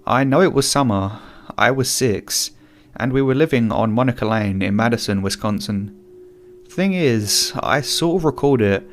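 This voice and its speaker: A man reading a first-person horror story aloud in a calm storytelling manner. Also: medium pitch. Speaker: narrator. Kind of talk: scripted narration.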